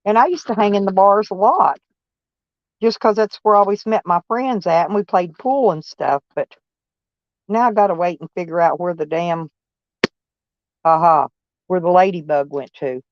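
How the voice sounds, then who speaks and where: A woman with a fairly low voice speaks at a moderate pace with long pauses, recorded without echo and with the highs cut off. Chatting casually on a live stream, she's folksy and blunt, naming viewers as she answers their comments and cursing mildly.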